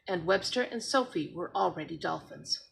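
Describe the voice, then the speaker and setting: A woman's voice: fairly low pitch, lively intonation, moderate pace, creaky, fairly bright tone, rough recording. A woman expressively reading a children's book aloud as a storyteller. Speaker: storybook reader.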